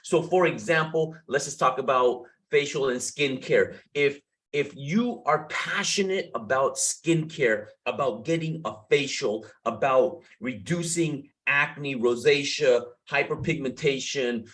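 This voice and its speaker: A man's voice: medium pitch, unhurried, hardly any pauses, fairly bright tone, rough recording. A young man coaching beauty professionals on sales, hyped and playful, repeating his catchphrases and swearing casually. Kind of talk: energetic motivational talk to camera.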